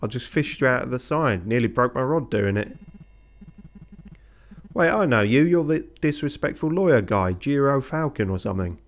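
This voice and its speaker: A man's voice: mid-range voice, expressive, normal speed, natural voice. A man voicing a chatty male fisherman who talks in a breezy, blunt way.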